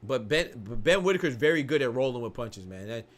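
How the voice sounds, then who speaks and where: Speaking briskly in a mid-range voice, a young man offers casual, slang-filled live commentary on a boxing fight. He gets excitable, laughs often and keeps restarting sentences.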